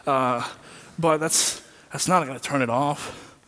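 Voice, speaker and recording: A man preaching a sermon in an earnest way, repeating phrases for emphasis and swinging between loud and quiet. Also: mid-range voice, slow. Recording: long reverb of a large hall.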